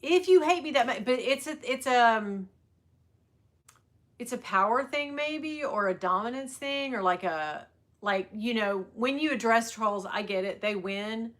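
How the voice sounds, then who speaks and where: A woman's voice: a little high, unhurried, a bit bright. A middle-aged woman chatting casually on a livestream, rambling and greeting viewers by name. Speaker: livestream host selling bags. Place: at work on a sales floor.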